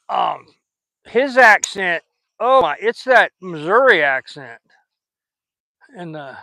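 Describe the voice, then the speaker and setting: A chatty man with a Southern US drawl rambles in a folksy way as he fishes outdoors on a river. His voice sits a little high and rings bright and forceful, and the sound is dry and close. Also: no echo, rough recording. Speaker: fishing vlogger. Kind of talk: casual chat while fishing.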